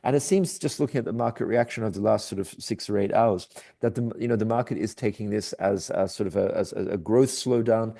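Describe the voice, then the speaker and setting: Low gravelly man giving market commentary. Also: a little fast, warm tone. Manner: hesitant, many fillers and restarts. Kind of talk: daily market commentary over charts.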